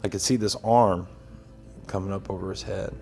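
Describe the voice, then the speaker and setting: Deep monotone guy telling a survival story, stops and restarts a lot, documentary interview. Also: gravelly, faint music behind. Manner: halting, recounting with restarts, low and steady. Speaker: tornado survivor and rescuer. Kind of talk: documentary testimony.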